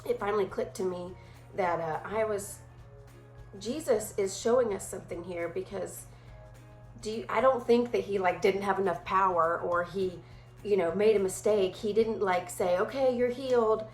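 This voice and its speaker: A woman leads a casual Bible study in a chatty, animated way, sometimes dropping into quick playful voices. Her voice sits at a middle pitch for a woman. The room around her is echoey, with soft music playing faintly behind.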